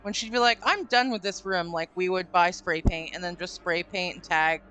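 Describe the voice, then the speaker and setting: A woman's voice: on the low side, fairly even intonation, moderate pace, pushed and bright. A woman hosting a live stream, chatting casually and telling a long, rambling story with some swearing. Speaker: streamer host. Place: home stream room. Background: faint spooky music.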